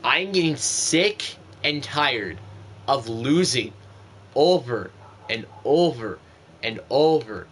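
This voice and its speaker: A young man talks through his football video game stream in a slow, unhurried way, his pitch swinging widely as he vents. His casual commentary keeps tipping into exasperated ranting about his team. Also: lively intonation, a bit bright, slight background noise.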